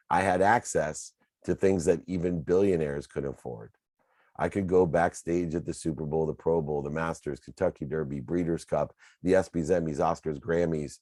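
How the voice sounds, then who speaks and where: A man in his fifties with a low, mellow voice tells his own life story as a motivational speaker. He speaks in an earnest, confessional way. The sound is close and dry, with no room echo. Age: 50s. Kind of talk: personal storytelling talk.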